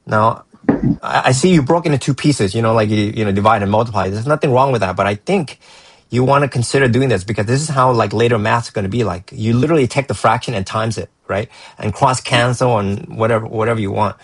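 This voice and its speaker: A man's voice: medium pitch, fast talker, breathy edge, no room sound, low-quality recording. A man tutoring math and going over a student's work, encouraging and rambling, often restarting his sentences.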